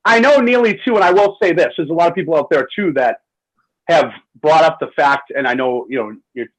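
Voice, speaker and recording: Talk radio host, male, husky, animated delivery, higher register. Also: fairly quick, rough recording. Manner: animated, acts out quoted voices. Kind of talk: impassioned talk radio monologue.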